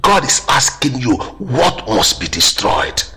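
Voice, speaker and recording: A man preaching with a strikingly lively, swooping pitch and a bright, forceful edge. He builds declarations in rhythmic repeated phrases, with soft music underneath. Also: slow pace, rough recording. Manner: emphatic, rhythmic repetition. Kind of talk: prophetic declaration sermon.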